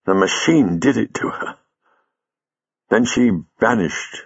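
A man's voice: fairly low pitch, expressive, slow pace, breathy edge, lo-fi sound, exaggerated voice. A man voicing a direct young warrior woman. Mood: earnest.

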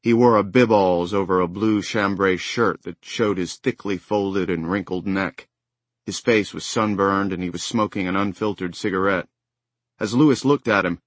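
This is scripted audiobook narration from a man with a deep voice, delivered evenly and with care. It was captured up close in a studio, with no room sound at all.

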